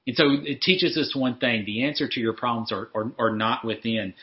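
A man's voice: mid-range voice, moderate pace, muffled recording. A man preaching a sermon in an earnest way, often repeating words as he restarts and lifting his voice when he acts out a prayer. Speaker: pastor.

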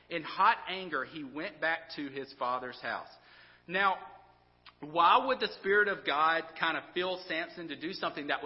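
A man's voice: fairly high pitch, big-room sound, lo-fi sound. A man preaching a sermon in a casual, conversational way, often restarting his words and checking in with the listeners. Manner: casual, conversational preaching with frequent restarts and "all right?" asides. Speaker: pastor.

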